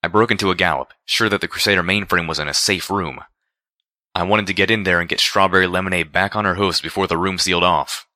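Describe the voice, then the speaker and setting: A man narrating a first-person story with a steady, expressive reading. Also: low-pitched, fast, no echo, clean studio sound. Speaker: audiobook narrator.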